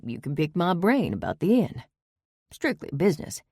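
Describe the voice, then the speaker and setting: Audiobook woman doing a laid-back southern chef guy, drawls slow, gravelly, sounds dry and close. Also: on the low side, sing-song, a little mellow, no echo, full character voice. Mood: easy charm. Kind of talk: audiobook character voice.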